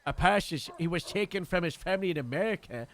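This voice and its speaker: A man's voice: high-pitched, animated, fast. A man roleplaying a police lieutenant, hesitant and full of fillers as he explains things in character. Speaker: streamer playing a police lieutenant.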